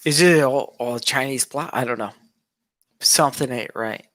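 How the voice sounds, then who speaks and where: A man's voice: medium pitch, moderate pace, fairly bright tone. An agitated young man rants straight to camera in a loose monologue. He circles back over the same points again and again, and a mocking tone keeps slipping in. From United States. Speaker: vlogger. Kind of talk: casual ranting monologue.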